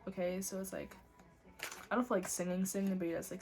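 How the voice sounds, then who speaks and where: A young woman doing a casual tarot reading at home, talking in a lively, loose way with frequent swearing and exclamations. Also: mid-range voice, fast, faint music behind. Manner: animated, swearing, breaks into laughs and snatches of singing. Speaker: tarot reader.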